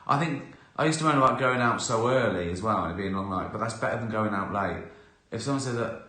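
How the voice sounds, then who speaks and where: Middle-aged guy rambling on a live stream, bright voice, lots of laughs, roomy echo. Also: on the low side, quick pace. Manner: chatty, laughs often, acts out little scenes. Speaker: host answering viewer questions. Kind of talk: casual live-stream chat.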